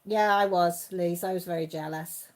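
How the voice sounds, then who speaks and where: A woman hosting a casual live stream, chatting warmly with viewers by name and laughing often. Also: on the low side, fairly even intonation, moderate pace. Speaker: channel host reading live chat.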